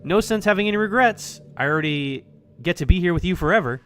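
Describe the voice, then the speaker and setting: A man's voice: sits high, lively intonation, quick pace, a bit bright, soft background music. A man reading aloud a cheerful young female club president from a visual novel, in a playful, teasing way. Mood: wistful.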